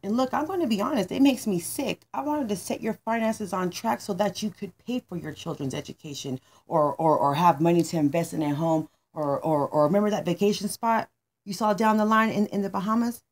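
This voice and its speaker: A woman's voice: medium pitch, a little fast, close to an everyday voice. Woman playing a blunt, angry money manager. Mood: lecturing. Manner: scolding, lecturing, tells it like it is.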